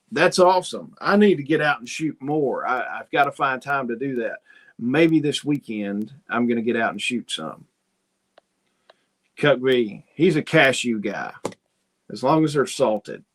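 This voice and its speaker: A man chats loosely to his viewers and wanders from one story to the next. He acts out little dialogues in his own voice, and his pitch sits right in the middle. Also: lively intonation, normal speed, fairly bright tone. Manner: folksy, rambling storyteller who acts out dialogue. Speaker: host. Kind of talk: casual livestream chat reading viewer comments.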